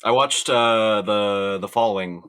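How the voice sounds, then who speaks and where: A man's voice: on the low side, unhurried, fairly bright tone, smooth. A young man in his twenties co-hosting a podcast, casual and a bit hesitant. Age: 20s. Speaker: podcast co-host. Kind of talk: casual chat.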